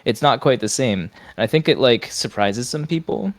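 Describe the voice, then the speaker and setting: A man's voice: medium pitch, lively intonation, moderate pace, no room sound. A man chatting as a podcast guest, easygoing and rambling with casual swearing.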